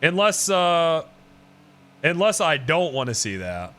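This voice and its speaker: A man's voice: a little high, big pitch swings, slow pace, fairly bright tone, slight background noise. A man chatting casually with his livestream viewers. He swears freely, laughs often and works himself up into mock outrage.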